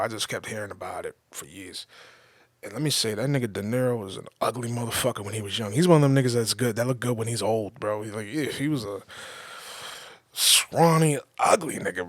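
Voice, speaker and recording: A man's voice: medium pitch, fairly bright tone, no room sound. Male solo podcast host, profane and heated commentary, mid range, dry close recording. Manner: profane, heated, emphatic with repetitions. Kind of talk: casual ranting commentary.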